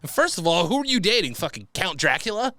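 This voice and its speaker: A man's voice: sits high, sing-song, fast talker, sharp tone, dry recording, clean studio sound. A young man hosting a comedy podcast, reading listener stories and riffing crudely, often slipping into silly voices. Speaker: podcast host.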